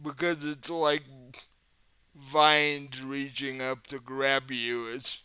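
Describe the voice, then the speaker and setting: A man running a tabletop game as game master, explaining the scene slowly and chuckling often. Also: medium pitch, level tone, pushed and bright, smooth, no echo.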